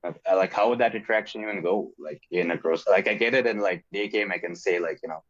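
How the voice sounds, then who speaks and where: Deep-voiced guy asking a coach stuff, hesitant, lotta fillers, dull lo-fi call audio. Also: quick pace. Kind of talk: livestream Q&A.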